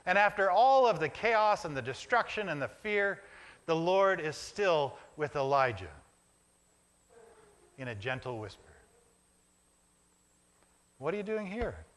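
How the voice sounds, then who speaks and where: In a church sanctuary, a male pastor gives a reflective sermon, building images from short phrases he repeats. His slightly high voice has a bright, forceful edge, big pitch swings, and an unhurried pace.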